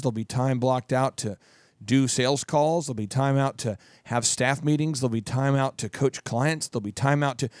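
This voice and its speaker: A man from Minnesota hosting a podcast, talking through advice in a jokey, animated way with lots of repetition. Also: mid-range voice, no room sound, clean studio sound. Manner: jokey, animated, repeats phrases. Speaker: podcast host and business coach. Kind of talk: advice monologue.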